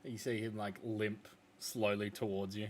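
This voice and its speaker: A man's voice: on the low side, level tone, moderate pace, a little hiss or hum. A man narrating as game master, describing scenes loosely with lots of fillers.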